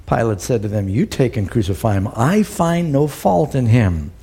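Middle-aged male preacher, mellow husky voice, dramatizes the scripture he reads. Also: animated, normal speed. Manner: acts out the quoted lines with rising pitch and emphasis. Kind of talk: sermon, reading scripture with commentary.

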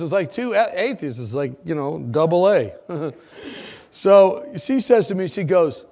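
A man telling a personal story in an animated way, acting out what people said and laughing at his own tale. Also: a little high, a little slow, gravelly. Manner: lively, acts out quoted voices, laughs at own story. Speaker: former nurse telling a story.

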